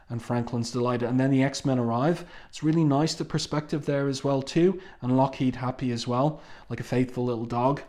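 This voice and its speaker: A man reviewing a comic book page by page, casual and halting, with many ums and restarts. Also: medium pitch, darkish tone. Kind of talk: casual read-along review.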